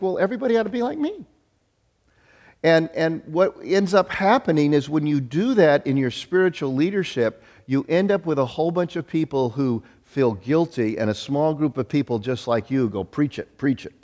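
Animated man preaching in a reverberant hall. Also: mid-range voice. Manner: animated, self-deprecating storytelling with many restarts. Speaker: pastor. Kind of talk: sermon.

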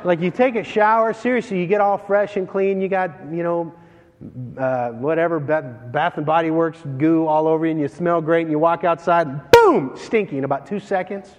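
A man preaching a sermon as pastor, animated and joking as he tells stories between scripture readings. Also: on the high side, brisk, highs cut off. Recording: long hall reverb.

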